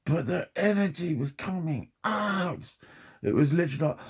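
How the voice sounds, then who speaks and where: A man's voice: fairly high pitch, animated, moderate pace, breathy edge. A man in his forties, talking in a rambling personal vlog monologue, sweary and chatty, laughing at himself often. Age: 40s. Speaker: vlogger.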